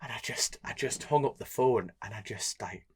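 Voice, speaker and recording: A man's voice: moderate pace, husky. A man with a Geordie accent, a road racer and podcast co-host, telling stories in casual chat and acting out the quotes. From North East England. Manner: animated, laughing, acts out quotes with big pitch jumps.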